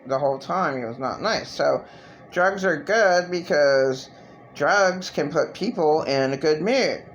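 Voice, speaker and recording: A woman vlogger talking through a personal monologue, halting and restarting often, swearing freely. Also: low-pitched, highs cut off, a little hiss or hum.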